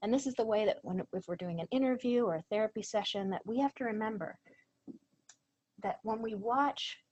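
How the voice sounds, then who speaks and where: A woman presenter giving an earnest lecture to a professional training audience, animated when she quotes others. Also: medium pitch, fairly quick, husky, low-quality recording.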